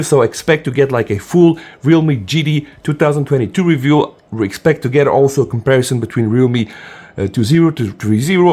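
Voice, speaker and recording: A man's voice: fairly high pitch, a little mellow. Eager man reviewing a phone. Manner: enthusiastic, often says "guys". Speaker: tech reviewer. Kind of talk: casual unboxing review.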